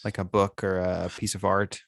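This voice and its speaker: Man, podcast co-host, dry teasing manner, lowish voice, dead dry sound. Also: little pitch movement, moderate pace, creaky, a bit bright, no room sound. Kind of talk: casual chat.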